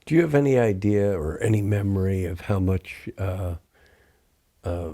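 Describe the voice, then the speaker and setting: A man hosting a casual interview with a very deep voice. His tone is dark and mellow as he puts short questions to his guest and adds brief comments. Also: moderate pace. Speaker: interview host.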